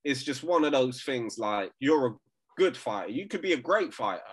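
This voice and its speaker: A man's voice: medium pitch, animated, normal speed, husky. A man co-hosting a casual sports podcast, brash and joking, swearing freely and laughing often. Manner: brash, swearing, laughing, says "bruv" a lot. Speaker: podcast co-host.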